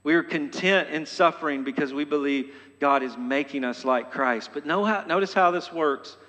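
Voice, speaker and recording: A pastor preaching a sermon. He is emphatic and often repeats phrases, stumbling and restarting, and builds to loud exhortation. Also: fairly high pitch, moderate pace. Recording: long hall reverb.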